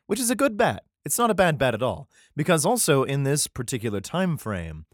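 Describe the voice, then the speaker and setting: A man's voice: on the high side, big pitch swings, a little fast, few pauses, dry recording, studio quality. A man casually reading scripture aloud and riffing on it, rambling, laughing often and swearing freely. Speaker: reader commenting on scripture.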